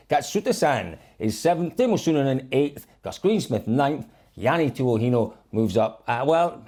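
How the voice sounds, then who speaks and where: A man hosting a casual rally review chat, energetically running through the standings. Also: mid-range voice. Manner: energetic, reels off results standings. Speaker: rally show host.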